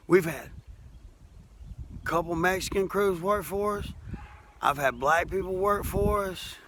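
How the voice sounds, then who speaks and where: Casting: middle-aged Alabama working man, folksy and emphatic monologue, bright forceful voice. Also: high-pitched, slight background noise. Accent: Southern US, Alabama. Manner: folksy, plainspoken, repeats himself, rising to emphatic. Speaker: masonry worker speaking to camera. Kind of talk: impassioned monologue to camera.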